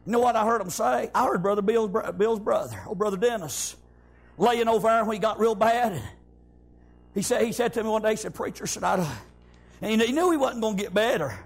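High-voiced preacher shouting amens. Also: male voice, fast, vocal fry. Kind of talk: sermon.

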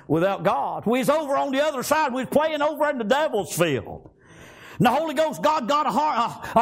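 A fervent preacher delivers his sermon in a strikingly high, husky voice. His pitch leaps up and down as he works through his message. He punctuates nearly every line with amens and praise Gods. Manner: fervent, repeats amen and praise God often.

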